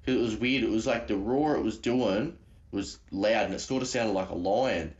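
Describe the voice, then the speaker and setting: A man with an Australian accent tells his story casually, full of slang and restarts. His voice sits very low, and the call audio sounds dull and lo-fi. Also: normal speed, a little mellow. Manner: rambling, slangy, many restarts. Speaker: guest caller.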